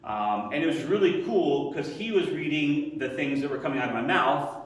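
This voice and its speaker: A man in his forties teaching a Sunday school class, telling a story in a chatty, animated way and acting out the quotes. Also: a little high, moderate pace. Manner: conversational and animated, acting out quotes with sound effects. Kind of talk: sermon-style story to a class. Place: church hall. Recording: echoey hall from far off.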